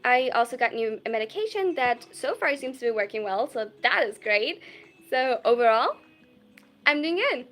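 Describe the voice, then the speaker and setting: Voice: medium pitch, animated, fairly bright tone, faint music behind. A young adult livestreamer with a German accent chatting casually, reading viewer messages aloud and gushing thanks with lots of laughter. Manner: bubbly and effusive, quick to gush thanks and laugh.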